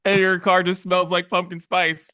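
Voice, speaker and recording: A man co-hosting a podcast in casual chat, animated, acting out little quoted exchanges as he tells stories. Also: sits high, normal speed, dry recording, clean studio sound. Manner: animated storytelling with acted-out quotes. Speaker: podcast co-host.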